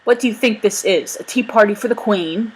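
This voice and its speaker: A woman's voice: mid-range voice, a little fast, breathy edge, voice pushed up, close to an everyday voice, rough recording. Woman putting on a bellowing tyrant captain. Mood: angry shouting. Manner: bellowing, barking orders. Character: blustering tyrannical male ship governor.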